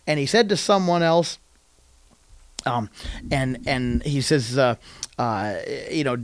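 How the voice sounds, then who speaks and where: A man's voice: a little high, no room sound. A man preaching a sermon, retelling a story animatedly and acting out quoted lines in a raised voice.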